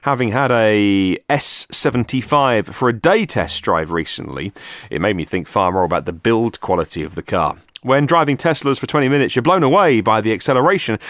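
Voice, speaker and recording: A man's voice: fairly low pitch, a bit bright, no room sound, clean studio sound. A man hosting a solo podcast, reading out listener messages with chatty, self-mocking asides. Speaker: podcast host.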